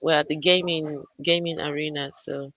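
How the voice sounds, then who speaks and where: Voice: medium pitch, flat delivery, normal speed, a bit bright, slight background noise, rough recording. Chatty live-stream host greeting viewers. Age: adult parent. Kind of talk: casual live-stream chat. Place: indoor gaming arena. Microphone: arcade computer, no camera.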